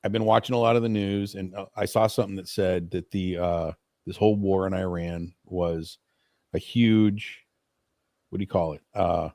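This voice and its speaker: A man's voice: deep voice, fairly even intonation, darkish tone, no room sound. Brash teasing man, dry sound. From Italian-American. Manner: teasing, brash, quick questions. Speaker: podcast co-host. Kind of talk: casual late-night chat.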